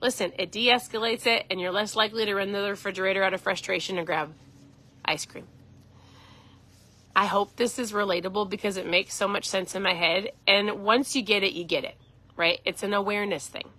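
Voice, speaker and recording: Bright-voiced woman coaching on a live stream. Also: medium pitch, fairly even intonation, fairly quick. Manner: chatty, earnest, coaching tone. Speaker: keto coach and host. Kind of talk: casual live-stream talk.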